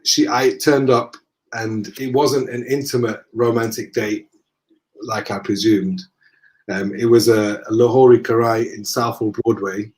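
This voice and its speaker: A man with a Northern English accent, a guest in a conversation, telling lively anecdotes and acting out the dialogue. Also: medium pitch, a little slow. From northern England. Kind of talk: casual storytelling in conversation.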